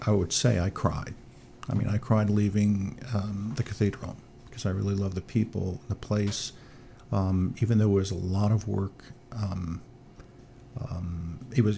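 A man, a priest and military chaplain, telling animated stories as an interview guest. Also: low voice, gravelly, a little hiss or hum. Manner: animated storyteller, upbeat. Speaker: chancellor of military archdiocese.

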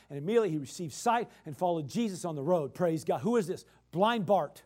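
A male preacher delivering a sermon, emphatic and repetitive, swinging from loud bursts to quiet explaining. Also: a little high, expressive, quick pace, few pauses.

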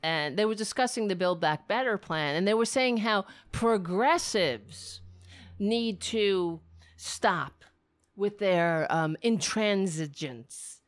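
A woman's voice: mid-range voice, slow. A woman hosting a livestream from home, ranting about politics in a sarcastic, profane, exasperated way. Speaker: livestream host. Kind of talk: casual political rant. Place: home in a city apartment.

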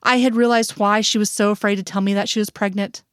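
A woman reading a first-person story aloud in a measured, even narration. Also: medium pitch, no echo, clean studio sound. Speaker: reader.

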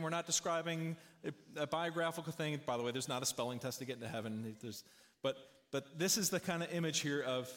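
A man's voice: a little high, fairly bright tone. A middle-aged male pastor preaching a sermon in a conversational, folksy way, stopping to tell a joke. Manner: conversational, folksy, tells jokes. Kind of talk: sermon with storytelling.

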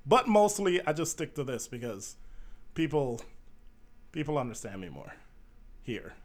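A man's voice: fairly high pitch, sing-song, normal speed, long pauses, pushed and bright. A man in his thirties from Jamaica, hosting a podcast in a candid, blunt monologue with frequent fillers. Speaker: podcast host. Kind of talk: casual monologue.

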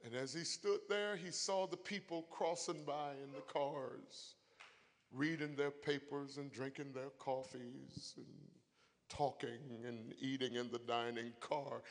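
A man preaching a sermon, moving from a quiet story to shouted, crying high points. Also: steady tone, a little slow, long reverb tail. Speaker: pastor.

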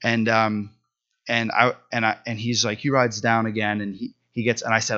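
A man's voice: on the low side, steady tone, moderate pace, sharp tone. A man in his thirties, a pastor, giving a sermon in an earnest, conversational storytelling way. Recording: dull lo-fi sound.

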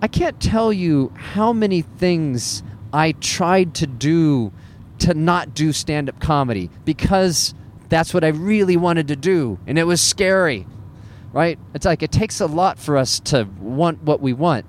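A man's voice: fairly high pitch, expressive, measured pace, a little hiss or hum. A man who works as a stand-up comedian, talking in a casual, self-deprecating monologue with wry laughs.

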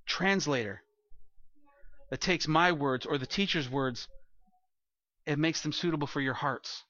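A male pastor preaching a sermon at the front of a church, animated and conversational, slipping into quoted voices to make his points. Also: on the high side, dry recording. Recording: dull lo-fi recording.

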